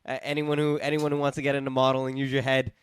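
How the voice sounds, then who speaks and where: A man's voice: medium pitch, monotone, quick pace, clear, resonant tone, dry recording. A man hosts a casual podcast chat in a mid-range voice. He rambles and repeats words, and his voice sounds dry and close. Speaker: podcast host.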